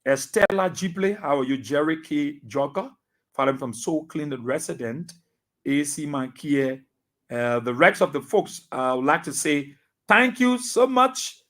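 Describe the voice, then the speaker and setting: A man with a Liberian accent, a radio talk show host reading out listener names and greetings in a brisk roll call. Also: on the high side, lively intonation, fairly bright tone.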